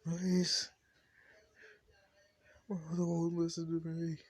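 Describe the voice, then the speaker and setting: A man's voice: on the high side, completely flat delivery, slow pace, voice pushed up. A man doing a frantic young man pleading. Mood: desperate pleading. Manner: yelling, pained pleading.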